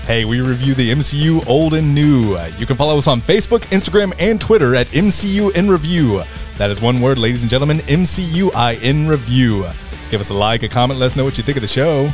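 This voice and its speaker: Lively, teasing male podcast host. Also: medium pitch, fast talker, faint music behind. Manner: upbeat, teasing, laughs often. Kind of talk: casual chat.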